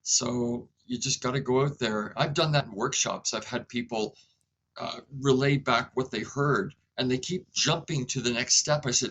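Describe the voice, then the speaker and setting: A man being interviewed as a guest, speaking in a calm, reflective way and sometimes acting out short dialogues between people. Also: medium pitch, moderate pace, slight background noise, rough recording. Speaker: inventor and guest. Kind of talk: conversational interview.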